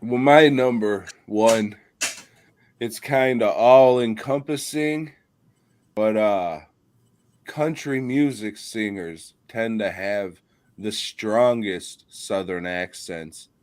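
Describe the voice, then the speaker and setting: A man's voice: lowish voice, slow, darkish tone, dry recording. A man co-hosting a casual comedy podcast, ranting in a profane, mock-angry way. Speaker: podcast co-host.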